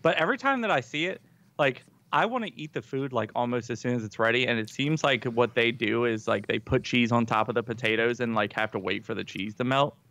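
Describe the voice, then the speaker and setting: Laid-back bright-voiced man. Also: mid-range voice, a little fast, no echo. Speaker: guest. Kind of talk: casual chat.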